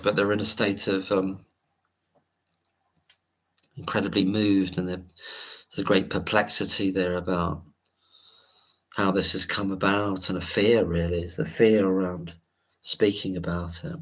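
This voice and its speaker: A man's voice: low-pitched, fairly bright tone. A man hosting a late-night livestream, rambling casually and reading viewer comments aloud. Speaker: livestream host.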